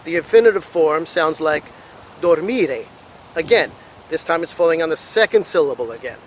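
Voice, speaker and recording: American man teaching Italian verbs slowly. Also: fairly high pitch, lively intonation, slight background noise, poor audio. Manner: slow, careful modeling of Italian words. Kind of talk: language lesson.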